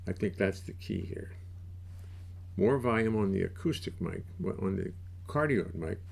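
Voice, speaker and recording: A man's voice: sits low, moderate pace, gravelly, slightly rough. An older man hosting a casual livestream from his home studio, chatting in a wry, self-mocking way through a desk mic. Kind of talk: casual rambling livestream chat.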